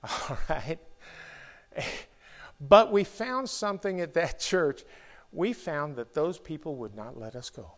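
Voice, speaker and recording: A middle-aged man preaching a sermon in a church, talking in a slow, halting way with many restarts and fillers. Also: a little high, fairly bright tone. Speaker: pastor.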